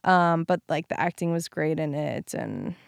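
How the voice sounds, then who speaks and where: A woman's voice: low voice, expressive, moderate pace, creaky, smooth, no room sound, clean studio sound. A woman co-hosting a podcast in casual chat, rambling with plenty of fillers like "um" and "like". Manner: rambling, lots of "like" and "um". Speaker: podcast co-host.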